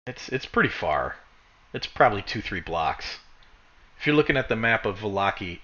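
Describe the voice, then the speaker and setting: A man running a tabletop game as dungeon master, chatty and quick to laugh. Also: fairly low pitch, fairly bright tone, dull audio. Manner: laughs often, loose and chatty.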